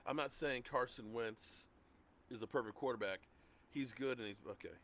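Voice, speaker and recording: A man's voice: medium pitch, normal speed, fairly bright tone, slight background noise. A middle-aged man hosting a sports livestream, ranting heatedly and repeating himself as he gets worked up. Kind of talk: heated rant.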